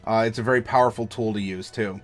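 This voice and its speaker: Over soft background music, an American game master and streamer gives tabletop storytelling tips in a livestream advice chat. His voice is fairly low and steady, his pace quick, and his manner enthusiastic and demonstrative.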